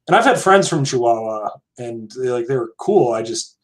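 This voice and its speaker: A man's voice: mid-range voice, animated, moderate pace. An American man co-hosting a podcast, talking casually and drifting into side topics. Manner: chatty, digressive, hedging. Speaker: podcast co-host. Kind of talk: casual chat.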